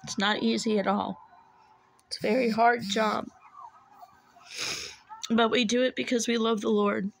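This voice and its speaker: A woman's voice: a little high, flat delivery, measured pace, creaky, long pauses, a little hiss or hum, poor audio. A woman, holding back tears as she earnestly pleads with viewers to be saved, repeating herself. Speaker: self-described watchwoman. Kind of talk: urgent religious warning to camera.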